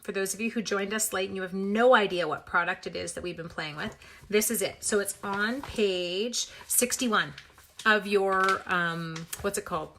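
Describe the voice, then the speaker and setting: This Canadian papercraft demonstrator hosts a casual crafting livestream at a moderate pace, her mid-range voice bright and forceful. She greets viewers by name, plays with little sound effects, and jokes at her own expense, with a little hiss or hum in the audio.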